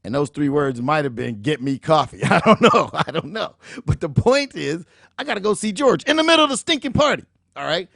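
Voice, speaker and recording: A middle-aged man hosting a show, telling a motivational story in an animated, emphatic way and acting out the dialogue. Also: a little high, fairly quick, creaky, dry recording, studio quality. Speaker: show host, motivational speaker.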